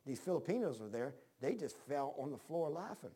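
A man's voice: fairly high pitch, very animated, a little fast, dark tone, husky. A man preaching a sermon in a homespun, rambling way, telling personal stories, often restarting his sentences and reading scripture in old-fashioned wording.

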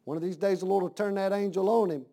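A man preaching a sermon, dropping to a hush and then rising to shouts with slow, drawn-out emphasis. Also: sits high, fairly even intonation.

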